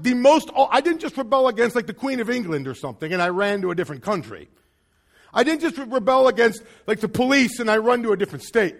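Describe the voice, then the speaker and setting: Earnest high-voiced male preacher. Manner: earnest, repetitive, drops to near whisper. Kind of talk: sermon.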